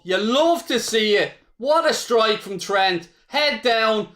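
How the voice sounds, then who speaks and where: A man's voice: high voice, expressive, slow, few pauses, fairly bright tone. A man with an Irish accent hosting a live football watchalong, calling the play as a fan, swearing freely and chatting with viewers. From Ireland. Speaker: watchalong host.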